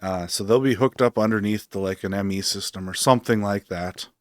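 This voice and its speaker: A man's voice: fairly low pitch, brisk. A man streaming a game, talking casually and rambling as he thinks aloud with lots of fillers. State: hiccups. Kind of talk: casual gameplay commentary.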